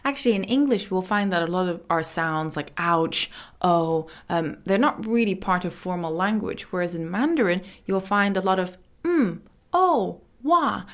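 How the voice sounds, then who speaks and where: A woman hosting a language lesson podcast, explaining phrases in a chatty way and saying model words slowly and carefully. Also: fairly low pitch, animated. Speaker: Mandarin teacher.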